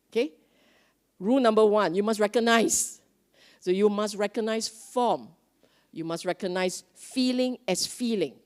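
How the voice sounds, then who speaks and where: A woman giving a conversational dharma talk at a Buddhist retreat, often asking her listeners questions. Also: medium pitch. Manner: lively, conversational, asks the audience questions.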